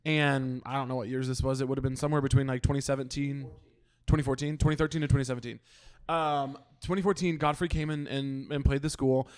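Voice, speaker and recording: A young man hosting a podcast, chatting casually and telling stories in a quick, lively way. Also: medium pitch, clean tone. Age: young adult. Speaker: podcast host. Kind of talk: casual chat.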